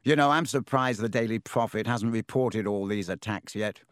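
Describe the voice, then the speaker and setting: Man voicing a spoiled schoolboy wizard, sneering, drawling, scornful, storybook reading, mid pitch. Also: normal speed, dry recording, studio quality, natural voice.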